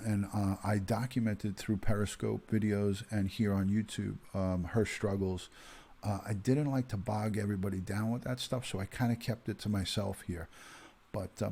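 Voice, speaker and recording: A man's voice: on the low side, warm tone, slightly rough. A man in his fifties, a retired detective hosting a casual livestream, chatting with viewers and greeting them by name with plenty of ums and uhs. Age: 50s.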